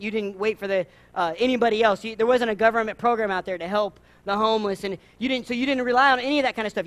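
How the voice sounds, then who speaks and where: A man's voice: sits high, a bit bright. A man preaching a sermon at a church service. He talks with repeated phrases and rhetorical questions, and he acts out the quotes. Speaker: pastor.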